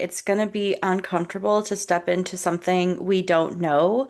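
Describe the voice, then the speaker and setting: A woman's voice: on the low side, steady tone, normal speed, darkish tone. A woman therapist co-hosting a self-help podcast, speaking thoughtfully with frequent ums and likes, reflecting on childhood and inviting listeners to journal. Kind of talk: casual podcast chat, reflective.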